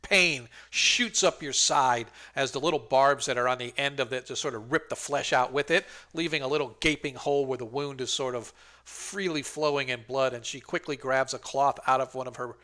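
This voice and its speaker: A man's voice: medium pitch, moderate pace, pushed and bright. A man narrating a tabletop game as game master on a livestream, rambling and hesitant with many fillers.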